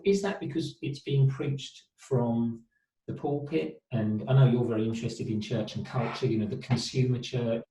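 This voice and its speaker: A man's voice: mid-range voice, dark tone. Distant, roomy-sounding man answering reflectively. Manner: thoughtful, talks in long reflective runs with rhetorical questions. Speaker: therapist and trauma specialist, interview guest.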